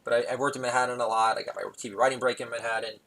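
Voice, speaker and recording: A New man talks through a loose stand-up monologue at a middling pitch he never loses. He wanders off on tangents, loses his thread, and chuckles at his own punchlines. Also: level tone, rapid-fire, a bit bright, low-quality recording. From New York. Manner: rambling, digressive, laughs at own jokes. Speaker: comedy podcast host.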